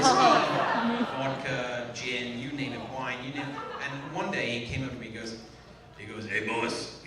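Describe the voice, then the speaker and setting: Male storyteller on stage: lively, amused delivery, heard from far off through heavy room echo and noise. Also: medium pitch. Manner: animated, chuckling raconteur. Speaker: guest speaker at a screening. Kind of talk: anecdote told to a live audience. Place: theater. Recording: echoey, distant and noisy audience recording.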